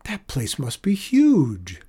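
Eager questioning schoolgirl, storybook, man putting on a higher husky voice. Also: huge pitch swings, slow pace, mellow, heavily acted. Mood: amazed.

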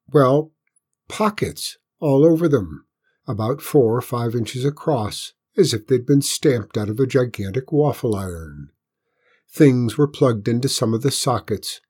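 A man narrating a children's story in a lively, expressive reading voice. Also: medium pitch, breathy edge.

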